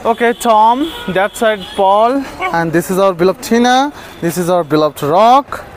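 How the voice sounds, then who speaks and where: Feeding stray dogs outside on a city's terrace and stairs, a vlogger talks to them in affectionate baby talk, laughing often as he coaxes them along. His voice sits high and is expressive, his pace measured, and the outdoor street recording is noisy.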